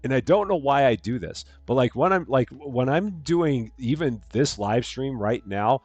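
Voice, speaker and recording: Lively chatty man streaming a game. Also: medium pitch, moderate pace, breathy edge, no room sound. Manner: chatty, reads chat aloud with bright greetings; says he projects louder than normal. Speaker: live streamer. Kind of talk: casual live-stream chat. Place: his room at home. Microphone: headphones on, desk mic.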